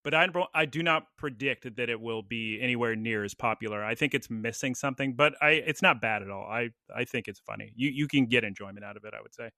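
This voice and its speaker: A man co-hosting a podcast, chatting casually with quick jokes and asides. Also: medium pitch, dry recording, clean studio sound. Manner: animated, jokey, quick asides. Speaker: podcast co-host. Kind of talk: casual chat.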